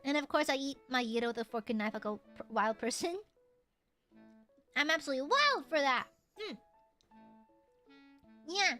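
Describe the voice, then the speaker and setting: A woman streamer in casual chat with her viewers, playful and teasing, jumping from loud squeals to low mutters. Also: animated, normal speed, long pauses, faint music behind.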